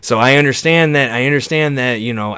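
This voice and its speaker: A man's voice: mid-range voice, a little fast, sharp tone, clear, resonant tone, dry recording. A man in a heated casual political argument with a friend, stammering and restarting, exasperated and insistent, swearing freely. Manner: swears freely, calls the other "bro" and "dude".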